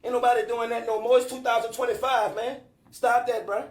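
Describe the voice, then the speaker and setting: A man on a live stream delivering a loud, profane rant, scolding and repeating himself for emphasis. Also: extremely high pitch, flat delivery, a little fast, reverberant.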